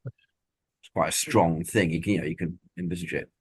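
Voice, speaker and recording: A man's voice: low-pitched, moderate pace, breathy edge, no room sound. A man co-hosting a podcast, musing aloud with joking asides. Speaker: podcast co-host. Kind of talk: casual chat.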